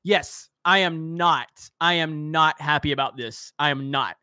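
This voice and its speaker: A man's voice: on the high side, unhurried, pushed and bright, clean tone, no echo, studio quality. A man hosting a live stream, reading chat comments aloud and ranting heatedly, swearing at trolls. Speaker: host of a live-stream show.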